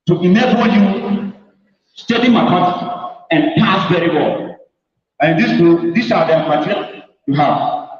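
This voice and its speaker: A man from Ghana, a mathematics teacher, giving an emphatic orientation talk to new students and addressing them directly. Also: high-pitched. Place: large hall. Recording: echoey hall, distant mic, dull sound.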